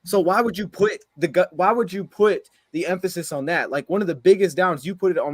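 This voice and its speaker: A man rants after a game at a rapid clip, his voice sitting a little high as he stacks one exasperated rhetorical question on another. The sound is dry and close, with no room around it. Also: slightly rough, no room sound. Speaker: sports podcast co-host. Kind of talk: heated post-game rant.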